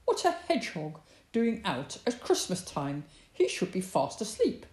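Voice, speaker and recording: A woman voicing a grumpy male badger in a storybook, gruff and blunt but kind. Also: mid-range voice, wildly swooping pitch, unhurried, darkish tone. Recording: roomy echo.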